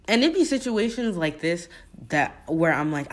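A woman's voice: on the low side, very animated, normal speed. A young woman hosting a solo podcast, talking bluntly and passionately with frequent swearing. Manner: blunt, profane and impassioned. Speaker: podcast host.

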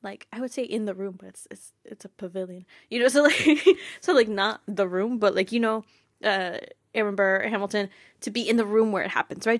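A young woman chats on her podcast in a bubbly, giggly way, her sentences full of fillers. Her voice sits at an ordinary middle pitch for a woman. The sound is dry and close, with no room around it. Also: no echo. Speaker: podcast host. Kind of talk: casual fan podcast chat.

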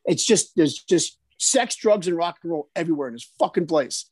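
A man's voice: fairly high pitch, normal speed, slightly rough, dry recording. Guy rambling thru stories, cussing a lot, tripping over his words, dry close sound. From South Jersey. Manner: profane, animated, stammering restarts. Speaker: storyteller guest. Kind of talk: casual storytelling chat.

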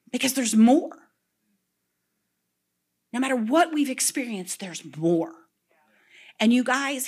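Animated woman preaching with whispers and shouts. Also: on the high side. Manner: animated storytelling, drops to whispers and bursts into shouts. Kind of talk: sermon.

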